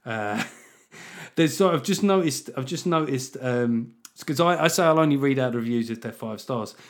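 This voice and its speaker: A man's voice: medium pitch, expressive, moderate pace. A male comedian hosting his podcast, reading listener reviews with wry, self-mocking asides. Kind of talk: casual comedic chat.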